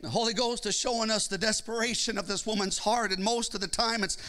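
A male pastor preaching a sermon with a Midwestern American accent, rising from calm teaching to fervent shouted, sing-song cadences. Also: high voice, brisk.

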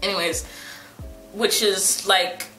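Young woman, casual book vlog, rambling and self-teasing, crisp bright tone, echoey room. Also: medium pitch, fairly even intonation, slow pace. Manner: chatty, rambling, filler-heavy, playfully teasing herself. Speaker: book vlogger. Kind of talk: casual chat to camera. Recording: roomy echo, faint background music.

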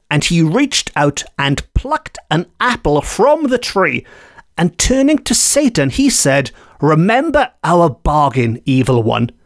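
A podcast host narrating an old folk tale at an unhurried pace. His voice rises and falls with plenty of expression. It sounds close and dry, with no room echo. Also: high-pitched. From Wales.

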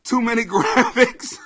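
A male comedian hosting a live podcast, ranting to his viewers in an excitable, profane, rambling way and apologizing often. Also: very high-pitched, slight background noise.

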